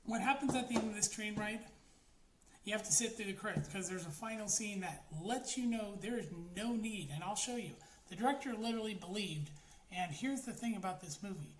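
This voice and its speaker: A woman's voice: mid-range voice, expressive, a little fast. Profane, rambling woman in an echoey room. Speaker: film reviewer. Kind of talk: casual spoken movie review. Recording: roomy echo, faint background noise.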